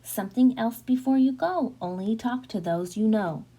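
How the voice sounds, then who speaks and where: A woman voicing a caring mother who gives slow, gentle, rhyming warnings in a storybook reading. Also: on the high side, husky, poor audio. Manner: slow, gentle, singsong rhymes.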